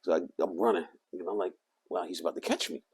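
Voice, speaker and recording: A man vlogging, telling a rambling personal story in an animated way, swinging from loud to hushed. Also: low-pitched, quick pace, husky.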